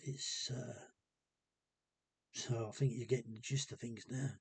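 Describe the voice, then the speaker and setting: A man talking casually to camera in a hesitant, rambling and subdued way, with a gravelly, husky voice. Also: mid-range voice, fairly even intonation, measured pace, dry recording. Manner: hesitant and rambling, many ums. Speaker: vlogger. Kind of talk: casual personal monologue.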